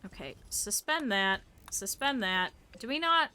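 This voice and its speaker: A woman's voice: fairly high pitch, expressive, measured pace, pushed and bright, smooth. A woman streamer commenting on her gameplay live, chatting with her viewers, scolding her characters and swearing freely.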